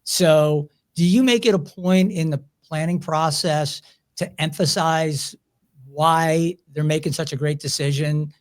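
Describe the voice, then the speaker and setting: A man's voice: fairly high pitch, fairly even intonation, a little slow. A man with a Philadelphia accent hosting a casual interview, asking long, rambling questions full of restarts. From Chicago area. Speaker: podcast host.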